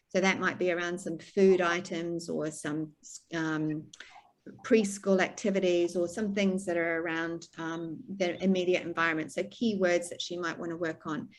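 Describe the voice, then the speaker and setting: A middle-aged woman from New Zealand, a speech pathologist, giving an online talk to a stroke support group in a plain, practical way with fillers and restarts, over a video call. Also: fairly low pitch.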